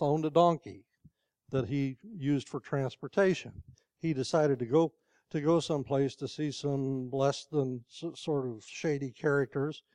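A man's voice: a little high, a little mellow, no echo. Chatty older man preaching a sermon. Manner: conversational storytelling, asks the congregation questions.

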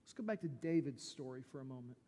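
A man's voice: medium pitch, lively intonation, fast talker, dark tone. Man, preacher, sermon, emphatic, rhetorical questions, church sanctuary, long reverb. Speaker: pastor. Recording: long reverb from a large hall.

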